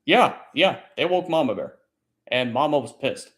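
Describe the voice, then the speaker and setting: A man's voice: mid-range voice, lively intonation, moderate pace, a bit bright. A man hosting a casual late-night chat stream, telling a long story in a rambling, profane way. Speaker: livestream host; military service member.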